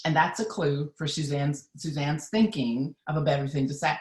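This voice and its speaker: A woman with a slightly low voice coaches her viewers on a live stream. She speaks earnestly and with emphasis, addressing them directly. Her voice carries a roomy echo. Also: steady tone, normal speed, a little mellow. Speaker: mindset coach.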